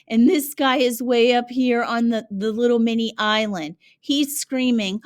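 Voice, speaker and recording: A woman teacher giving a lesson, speaking clearly and patiently and asking her students questions. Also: on the high side, fairly even intonation, measured pace, few pauses. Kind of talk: classroom lesson narration.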